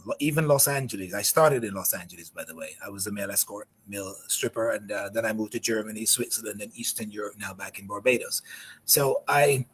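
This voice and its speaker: A man on a talk-show panel who speaks in a deliberate, careful way, often pausing and restarting. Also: medium pitch, slightly rough. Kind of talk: measured talk-show discussion.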